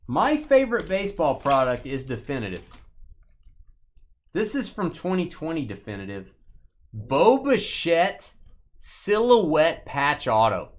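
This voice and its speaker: A man's voice: on the high side, huge pitch swings, measured pace, a little hiss or hum. Playful man hosting a card break. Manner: playful, rambling, jokey asides while opening packs. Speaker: host of a live card-break stream. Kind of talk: casual live-stream chat.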